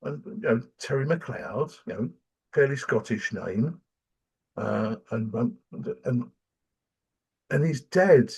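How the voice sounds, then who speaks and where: Husky older Englishman telling stories. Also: mid-range voice, takes it slowly, pauses often. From England. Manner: animated storyteller, acts out quoted voices. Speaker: podcast host. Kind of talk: casual chat.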